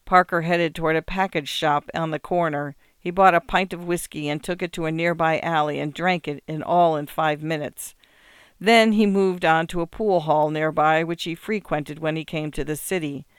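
A man narrating a story in a measured, subdued reading. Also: on the high side, fairly even intonation, clean tone, dry recording, studio quality.

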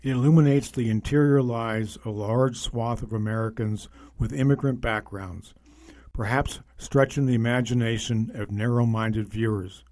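A man narrating a magazine feature in a measured, scripted reading voice. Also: medium pitch, fairly even intonation, darkish tone.

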